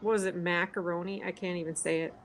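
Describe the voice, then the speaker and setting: Snarky Minnesotan woman, lowish voice. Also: steady tone, fast, poor audio. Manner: snarky, laughs often. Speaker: livestream co-host. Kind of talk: casual chat.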